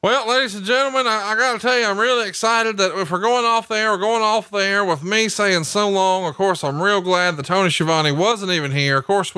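A man's voice: sits high, bright, forceful tone, clean tone, no room sound. A man co-hosting a podcast, joking and teasing his partner in a profane, casual way. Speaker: podcast co-host. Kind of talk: casual podcast chat, mock commentary.

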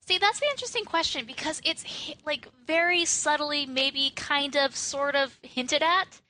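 A woman's voice: high voice, bright, forceful tone. A woman co-hosting a casual film podcast, chatty and playful. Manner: chatty, playful, quick to laugh. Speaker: podcast co-host.

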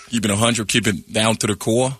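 A man doing an impression of a famous older male film actor, talking slowly and teasingly and tagging lines with "huh?". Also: lowish voice, steady tone, fairly bright tone, breathy edge. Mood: sly. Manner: slow, teasing, keeps asking "huh?". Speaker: comedian guest. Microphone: studio microphone.

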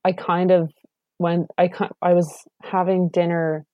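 Young Irish woman, casual talker, lowish warm tone, dry lo-fi recording. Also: level tone, unhurried, dry recording. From Ireland. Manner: chatty, lots of "like" fillers. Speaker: guest comedian. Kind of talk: casual chat. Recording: dull, lo-fi audio.

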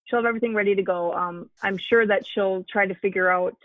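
A woman's voice: mid-range voice, steady tone, fast, no echo, narrow, tinny audio. A woman who is the mother of a young fan, telling a long story as an interview guest, with many fillers and restarts.

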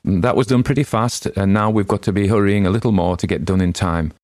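A man reading a story aloud, lifting his voice to play a brisk, businesslike village official who runs the proceedings. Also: lowish voice, no room sound, clean studio sound, close to an everyday voice. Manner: brisk, businesslike, gently firm. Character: brisk, genial middle-aged village official.

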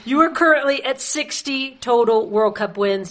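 A woman's voice: fairly high pitch, lively intonation, moderate pace, hardly any pauses. A woman hosting an interview, playful and teasing, reading out a list of achievements. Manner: playful, teasing, reads out lists. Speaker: podcast host. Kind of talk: casual interview.

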